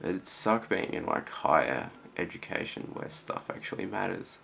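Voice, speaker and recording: Teenage boy, Australian accent, very low voice, rambling chatty vlog, trails off. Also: lively intonation, moderate pace, gravelly, slight background noise. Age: teens. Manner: rambling, many fillers, trails off quietly. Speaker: student vlogger. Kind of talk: casual rambling reply to a friend.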